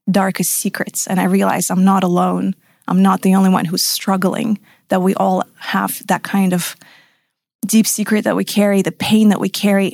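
A woman's voice: mid-range voice, gravelly, darkish tone, no room sound, studio quality. A woman in her thirties, a podcast guest, telling her personal story frankly and emphatically, sometimes swearing.

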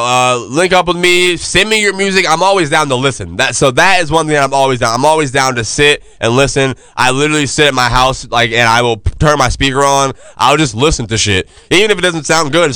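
Laid-back bright-voiced podcast host, a man. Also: medium pitch, a little fast, clear, resonant tone, no room sound, clean studio sound. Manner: laid-back, loose slangy delivery with many fillers. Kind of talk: casual podcast chat.

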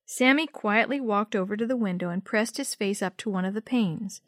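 A woman's voice: medium pitch, normal speed, no echo, studio quality. Woman reading a children's story aloud. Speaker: narrator. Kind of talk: storybook read-aloud narration.

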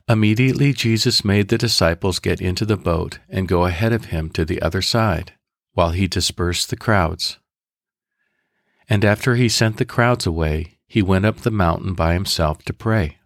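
A man with a deep, low voice leads listeners through prayer and a guided scripture meditation. He speaks in measured, deliberate steps. The recording is close and dry, with no room sound. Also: no room sound. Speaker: podcast host leading guided prayer.

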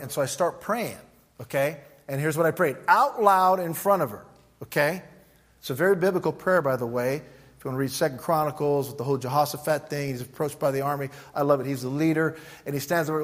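A middle-aged pastor delivers a teaching sermon with a slightly higher male voice. He tells his story in an animated way, acting out both sides of each exchange with swings in pitch and volume. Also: fairly quick.

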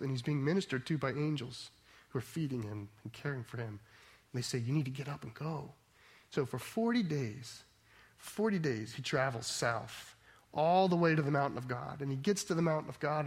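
A man's voice: fairly high pitch, moderate pace, husky. A man preaching a sermon, retelling a story and building it into emphatic preaching. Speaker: pastor.

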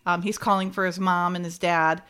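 A woman's voice: on the low side, little pitch movement, moderate pace, a bit bright, clean tone. A woman hosting a casual chat, retelling an episode scene by scene, laughing often and acting out the characters' lines. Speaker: podcast host recapping a TV episode.

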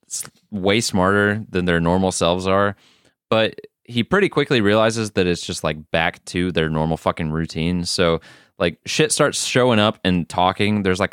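A man's voice: sits low, a bit bright, clear, resonant tone, no echo, clean studio sound. A man co-hosting a podcast, recapping a show in a rambling, profane way with many fillers. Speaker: podcast co-host. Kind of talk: casual recap chat.

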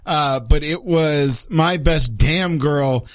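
A man co-hosting a casual chat, excitable and swearing freely as he acts out his reactions. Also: fairly high pitch, slow pace.

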